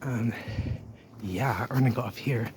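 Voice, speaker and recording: A man narrating as he walks through an old drained canal, talking excitedly to the camera. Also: medium pitch, a little slow. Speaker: urban explorer vlogger. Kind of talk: handheld walking commentary. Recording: noisy outdoor ambience.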